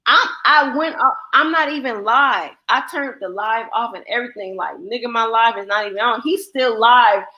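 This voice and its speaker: A woman's voice: on the high side, moderate pace, hardly any pauses, pushed and bright, highs cut off. A young adult woman hosting a livestream, telling blunt, profane stories and acting out the people in them. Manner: blunt, profane storytelling with quoted voices. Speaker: livestream host. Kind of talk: casual chat.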